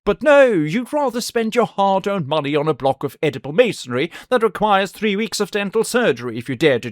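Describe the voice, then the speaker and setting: A man hosts a radio comedy slot with a sardonic, theatrical delivery. His voice leaps wildly up and down in pitch. The sound is dry, with no room around it. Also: no echo. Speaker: radio host. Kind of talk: scripted comic rant.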